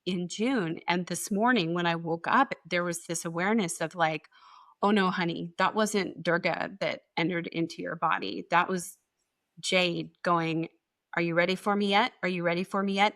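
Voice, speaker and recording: A woman's voice: on the low side, a bit bright. A woman co-hosting a podcast live stream, chatting animatedly, swearing freely and acting out quotes in her stories. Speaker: podcast co-host. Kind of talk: casual chat.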